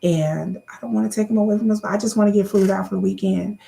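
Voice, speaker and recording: A woman's voice: mid-range voice, fairly even intonation, fast, gravelly, mellow, a little hiss or hum. A woman in her thirties doing a casual question-and-answer vlog to camera, chatty, often repeating words and calling viewers y'all.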